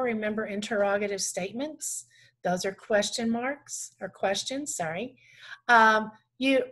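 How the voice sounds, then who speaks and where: A woman teaching punctuation rules from slides, reading out examples slowly and correcting herself now and then. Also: fairly high pitch. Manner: reads examples slowly, with small restarts. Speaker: adult education teacher. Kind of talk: slide-based grammar lesson.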